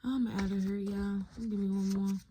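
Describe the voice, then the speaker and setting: A woman's voice: medium pitch, normal speed. A woman gives a casual collective tarot reading to her viewers. She talks bluntly, swears often and calls them "y'all". A faint hiss sits under her voice. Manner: blunt, profane and animated, addressing viewers as y'all. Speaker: tarot reader.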